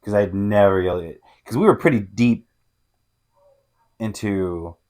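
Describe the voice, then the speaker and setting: Laid-back low-voiced man. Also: a little slow, dark tone. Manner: laid-back, repeats himself, laughs easily. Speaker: podcast co-host. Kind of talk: casual chat.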